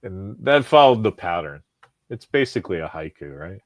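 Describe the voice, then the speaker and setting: A man hosting a podcast, talking in a rambling, profane, animated way with lots of restarts. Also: sits low, moderate pace, no echo. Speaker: podcast host. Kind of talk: casual chat.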